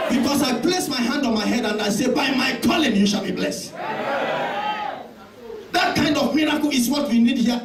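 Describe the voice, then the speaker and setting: A male pastor preaching an impassioned sermon with heavy repetition and shouted declarations. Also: extremely high pitch, background noise. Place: church hall. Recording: echoey church hall, mic at a distance, congregation audible.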